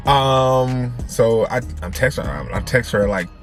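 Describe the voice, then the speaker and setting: Male vlogger, mid-pitched, animated slangy storyteller, faint music underneath. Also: slow pace. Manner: animated, repeats phrases for emphasis; slangy, conversational. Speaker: family vlogger. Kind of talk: casual storytime to camera.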